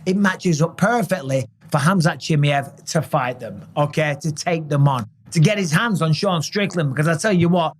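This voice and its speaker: A man's voice: a little high, normal speed, few pauses. A man in his forties hosting a casual reaction commentary, emphatic and fond of asking "okay?" to drive points home. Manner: emphatic, tags lines with "okay?". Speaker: host.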